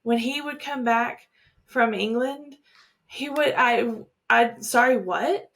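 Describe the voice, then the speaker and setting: A woman's voice: on the high side, fairly even intonation, slow pace, fairly bright tone. A young woman co-hosting a podcast, chatting casually and hesitantly, with frequent fillers. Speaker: podcast co-host. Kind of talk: casual chat.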